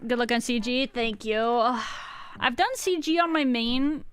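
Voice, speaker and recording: A woman's voice: fairly high pitch, a little slow, smooth. A woman in her thirties streaming a game, chatting casually and rambling as she answers her chat, with a slightly sick voice.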